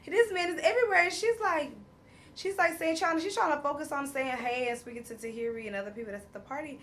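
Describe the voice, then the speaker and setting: A woman's voice: high voice, fast, a little hiss or hum. A woman, casually recapping a reality show episode, acting out quotes and laughing often. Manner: animated storyteller, acts out quotes, laughs often.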